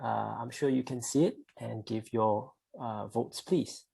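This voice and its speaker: A man's voice: medium pitch, a little slow, gravelly, mellow, breathy edge, no room sound. A man hosting an online club meeting, polite and a bit hesitant as he runs a poll. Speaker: meeting host. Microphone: video call.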